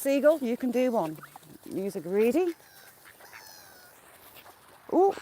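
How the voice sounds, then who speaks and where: A woman vlogger speaks slowly with long pauses as she walks by a lake, chatting to herself and cooing fondly at the ducks. Her voice runs on the high side, very animated and mellow, and there's a little hiss or hum in the recording.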